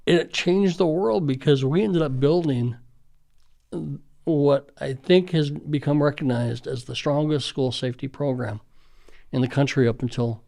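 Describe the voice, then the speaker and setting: A man's voice: medium pitch, normal speed, creaky, warm tone. A middle-aged man, a school safety official, earnestly reminiscing in conversational storytelling with frequent fillers.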